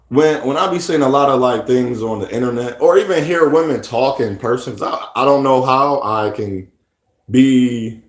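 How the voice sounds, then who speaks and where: Rambling man in an echoey room. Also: mid-range voice. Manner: rambling, repeats words, restarts often. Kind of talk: casual monologue.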